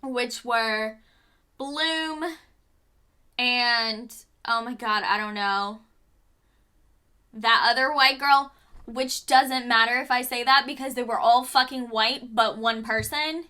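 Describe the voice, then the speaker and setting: A woman's voice: fairly high pitch, slow, sharp tone, clean tone. A young woman vlogger giving a blunt, casual review while doing her makeup, swearing and throwing in exasperated asides. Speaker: beauty vlogger. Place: home room doing makeup.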